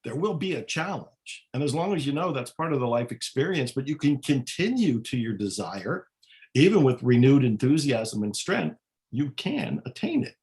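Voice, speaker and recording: Calm, earnest male podcast guest. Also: medium pitch, moderate pace. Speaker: podcast guest, spiritual author. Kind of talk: casual conversation.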